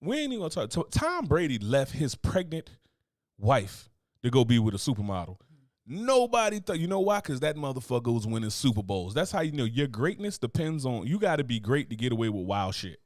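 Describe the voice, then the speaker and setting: A man's voice: medium pitch, big pitch swings, brisk, darkish tone, no room sound, studio quality. An American man, a podcast host, talking in a blunt, profane, joking way in casual chat.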